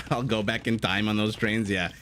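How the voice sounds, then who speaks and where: A man's voice: fairly low pitch, fairly even intonation, measured pace, a bit bright, a little hiss or hum. Chatty man casting a strategy game. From Canada. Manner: chatty, jokey, breaks off to answer chat. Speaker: game caster. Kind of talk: live esports commentary, reading chat.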